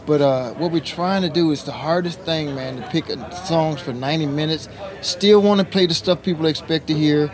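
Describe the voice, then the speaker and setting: Brief: relaxed male guest musician, slightly high voice, chatty, outdoor crowd noise behind. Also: moderate pace. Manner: laid-back, relaxed, peppers speech with "man". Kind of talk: casual interview chat.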